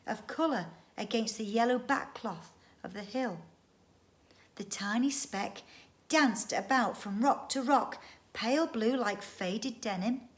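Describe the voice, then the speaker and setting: Woman, unhurried children's storyteller, bright expressive reading. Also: a little high. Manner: lively, expressive reading with voiced characters. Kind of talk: reading a children's book aloud. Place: home. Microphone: phone or webcam.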